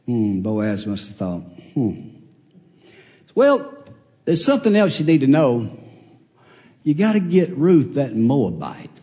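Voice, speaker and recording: Folksy preacher in a reverberant hall. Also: male voice, slow pace, long pauses. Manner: folksy, animated, acts out characters with big pitch jumps. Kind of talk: storytelling sermon. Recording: long reverb of a large hall.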